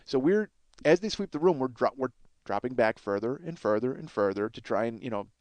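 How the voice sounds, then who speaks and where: A man's voice: medium pitch, expressive, fairly quick, darkish tone, dry recording. A man telling a rambling, profane story as a podcast host, acting out what others said. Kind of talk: casual storytelling monologue.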